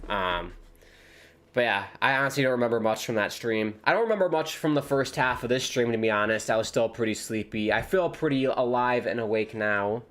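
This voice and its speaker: A man chatting casually on a live football watchalong stream, rambling between excited reactions to the match. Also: medium pitch, fairly quick.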